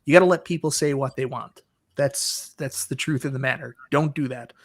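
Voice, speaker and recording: A man's voice: mid-range voice, normal speed. A man hosting a casual live stream, giving blunt, opinionated takes and often repeating himself.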